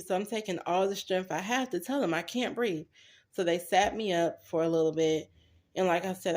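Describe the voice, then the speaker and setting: A woman's voice: on the low side, darkish tone. A young woman casually telling her own story to viewers, chatty and direct, acting out what others said. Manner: chatty, addresses viewers as y'all, acts out quoted voices.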